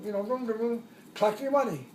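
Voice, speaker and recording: A man's voice: high voice, fast, distant mic, slight background noise. Older man rambling through a war story, echoey. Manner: rambling, chuckling, acts out shouted quotes. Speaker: veteran telling a war story. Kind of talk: casual storytelling. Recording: echoey room, voice away from the mic.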